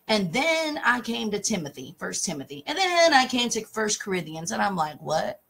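A woman's voice: mid-range voice, big pitch swings, normal speed, gravelly, a bit bright, slight background noise. A woman talk show host, speaking emphatically and passionately in casual talk about scripture and reading verses aloud.

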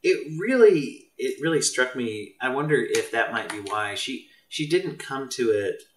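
Man, guest, thoughtful, bright voice, low pitch, echoey room. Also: far from the mic. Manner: thoughtful, meandering. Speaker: guest, children's mental health professional. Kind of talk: casual discussion. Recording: roomy, off-mic.

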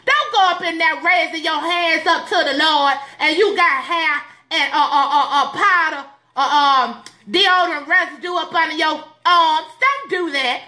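A woman's voice: high-pitched, a little slow, hardly any pauses, sharp tone. A woman giving playful, sassy, preachy advice in a comedic skit, recorded indoors at home. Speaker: comedic church advice host.

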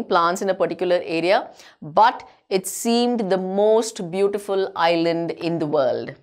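Indian English woman teaching a textbook chapter. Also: fairly high pitch. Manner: reads a passage aloud, then paraphrases it line by line; glosses words with "as in" and "you know".

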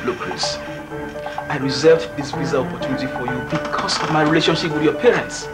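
A stern man, played by an actor, firm and businesslike, with a slightly raised pitch. Loud film music runs under his voice. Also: brisk, close to an everyday voice. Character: stern middle-aged man holding a visa deal.

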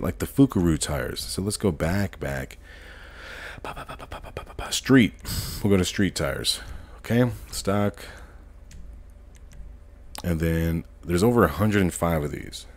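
A man streaming a casual live modding tutorial, chatting in relaxed slang and thinking aloud as he goes, often correcting himself. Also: sits low, gravelly, breathy edge. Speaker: gaming streamer.

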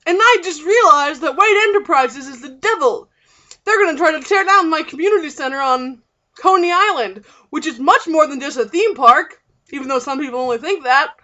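A woman's voice: sits high, expressive, fairly quick, sharp tone, highs cut off, voice pushed up. A young woman playing a feisty female activist in a spunky, mock-dramatic way. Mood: earnest.

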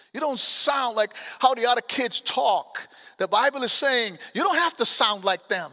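High, bright-voiced preacher with an accent. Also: male voice. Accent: foreign accent. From abroad. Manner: preaching with call-outs to the congregation, colloquial asides. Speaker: pastor. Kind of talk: sermon. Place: church sanctuary. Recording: long church hall reverb.

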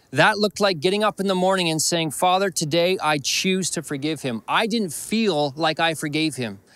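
A man's voice: sits high, a bit bright, no room sound. A man with a Canadian accent, a pastor preaching a sermon, telling a personal story earnestly and repeating phrases. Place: church.

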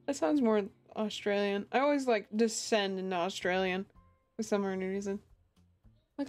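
A woman's voice: mid-range voice, normal speed, soft background music. A young woman streamer chatting casually with her viewers, giggling and laughing often. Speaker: game streamer. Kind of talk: casual live-stream chat.

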